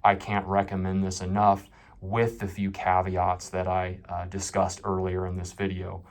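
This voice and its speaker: A man with a very low voice talks through a phone review with no script, candid and off-the-cuff. He pokes fun at himself as he goes, speaking straight to his viewers as the host of his own channel. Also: completely flat delivery, normal speed. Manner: candid, off-the-cuff, self-deprecating.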